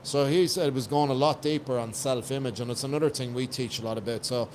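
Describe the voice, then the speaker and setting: A man's voice: mid-range voice, fast, a little mellow, slight background noise. Blunt, profane Irish man. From Ireland. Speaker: podcast guest, coach. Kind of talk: casual podcast chat.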